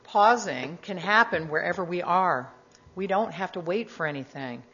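Low-voiced woman giving a gentle sermon. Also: animated, breathy edge. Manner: gentle, measured, conversational with asides. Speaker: guest speaker at a congregation. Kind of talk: reflective sermon talk. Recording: dull lo-fi recording.

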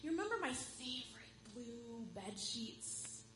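A woman voicing a nervous, homesick young woman in a church story, pleading softly and earnestly. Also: fairly high pitch, a little slow. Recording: echoey room with steady hum.

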